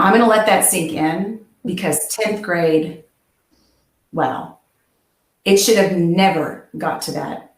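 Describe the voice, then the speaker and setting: A woman with a fairly low voice speaks over a video call, giving an earnest and passionate presentation as an education researcher. The sound comes from an echoey room. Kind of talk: webinar presentation.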